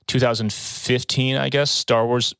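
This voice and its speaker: A man hosting a casual podcast chat, joking and rambling and speeding up when excited. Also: medium pitch, a little slow, gravelly, clean tone, no room sound, clean studio sound. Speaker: podcast host.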